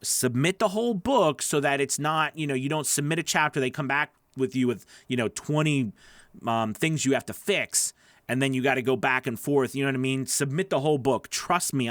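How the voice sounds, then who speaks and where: A man's voice: medium pitch, a bit bright, dry recording. A man coaching voice actors on a live stream, chatty and encouraging as he answers viewer questions into a studio microphone. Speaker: voice-over coach.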